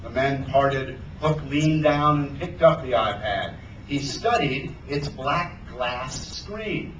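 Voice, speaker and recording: A man reading a children's adventure story aloud to a bookstore audience, his voice rising and falling in a lively, animated way. He sounds a little distant from the mic, and the space is roomy with faint ambience. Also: mid-range voice, slow, slight background noise.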